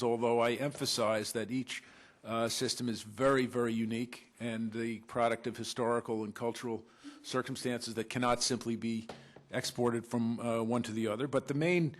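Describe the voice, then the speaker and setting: A man of ordinary pitch delivers a conference lecture as a law professor, speaking in a measured academic register. His delivery is halting, broken up by frequent filler sounds and restarted phrases. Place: lecture room at a law school panel.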